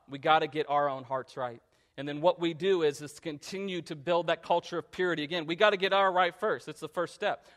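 Male pastor, sermon, earnest and emphatic, somewhat high-pitched voice. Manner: earnest, rises to loud emphatic preaching.

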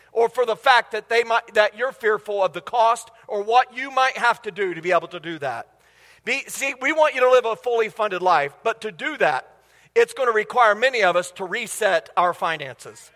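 A man preaching with a strikingly high, bright and forceful voice, full of enthusiasm and chatty asides to the congregation. His words ring out through a church sanctuary with a long hall reverb trailing behind them. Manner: enthusiastic, conversational, asks the crowd questions. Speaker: guest preacher. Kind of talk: sermon.

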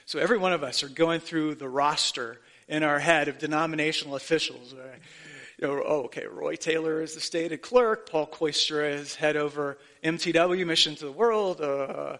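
Male pastor, forties, bright, fairly high voice, earnest conversational preaching. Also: moderate pace. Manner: earnest, conversational preaching with self-deprecating asides. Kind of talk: sermon.

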